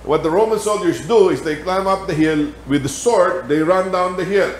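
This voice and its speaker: Filipino-accented male Bible teacher, lively storyteller, slightly high pitch, echoey church room. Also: moderate pace, a little hiss or hum. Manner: animated storytelling with laughter. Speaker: Sabbath school teacher. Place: church hall.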